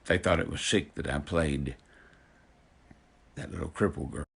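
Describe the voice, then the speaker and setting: A man's voice: a bass voice, a little slow, vocal fry, breathy edge. A man in his fifties ranting indignantly to his online followers, preaching and calling people out directly. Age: 50s. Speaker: social media personality. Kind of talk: angry direct-to-camera rant.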